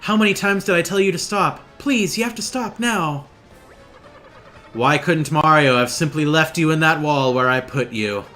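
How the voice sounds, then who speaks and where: Picture an earnest young paper girl coaching the hero, her voice pitched up high and eager, as a man reads her lines aloud. The tone is bright and forceful, with faint music behind. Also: normal speed. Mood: pleading. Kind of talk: reading game dialogue aloud.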